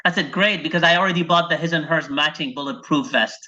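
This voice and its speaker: A man from Iraq doing a stand-up set over a video call, telling deadpan one-liners and acting out his wife and his dog. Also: on the high side, fast. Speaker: stand-up comedian. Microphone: video call microphone. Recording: dull lo-fi video call audio.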